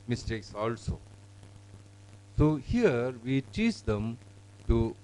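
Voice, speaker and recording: A man presenting teaching software, talking in a halting way with many fillers. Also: mid-range voice, poor audio. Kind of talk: product demonstration.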